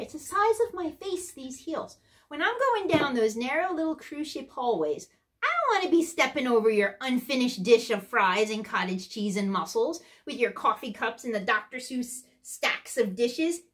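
A woman playing a sarcastic, blunt cruise guest-services worker in a comedic character monologue, ranting with exasperated asides. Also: high-pitched.

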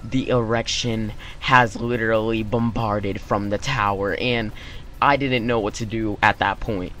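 Animated story-time vlogger, young man. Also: fairly low pitch, measured pace, a little hiss or hum. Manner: animated, acts out quotes. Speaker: YouTube channel host.

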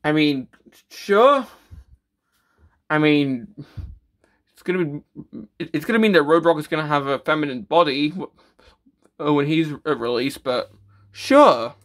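A man's voice: a little high, normal speed, fairly bright tone. Stammering man reviewing a toy. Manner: stammering, with many fillers and restarts; self-deprecating, matter-of-fact.

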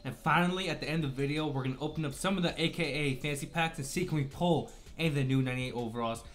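A man's voice: on the high side, very fast, fairly bright tone. A man hosting a gaming channel, talking through game cards in a chatty, upbeat way and apologizing for slips while he has the hiccups. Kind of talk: casual video game commentary.

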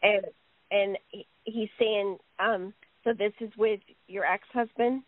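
A woman medium talks through a narrow, phone-like line with no room sound at all. She rambles on, stringing messages together with "he says" and "you know." Her voice sits at an ordinary middle pitch. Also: steady tone, slow, no room sound. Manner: rambling, relays quotes with frequent "he says". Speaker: psychic medium relaying messages. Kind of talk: live radio talk.

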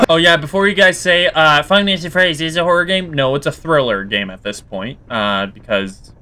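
A man hosting a horror game playthrough, talking casually and reacting loudly, yelping at scares and grumbling when frustrated. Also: fairly high pitch, normal speed, background noise. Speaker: gaming video host. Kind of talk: let's play commentary.

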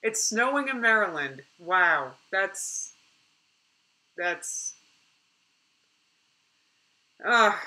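A young woman chatting casually on a live stream, reading out viewer comments in an animated way and laughing often. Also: mid-range voice, rough recording.

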